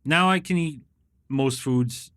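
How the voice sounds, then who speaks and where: A man's voice: medium pitch, slow, a bit bright, no echo, studio quality. A middle-aged man chatting casually on a podcast, telling laid-back stories and acting out what others said. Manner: laid-back storytelling, acts out quoted people. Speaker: podcast guest. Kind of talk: casual chat.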